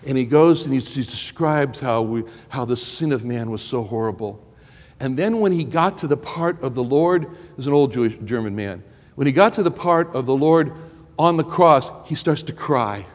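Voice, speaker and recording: A man's voice: mid-range voice, expressive, normal speed, big-room sound. A man preaching a sermon and telling a personal story, rambling and stumbling over the first words of his sentences. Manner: rambling, repeats words when starting sentences.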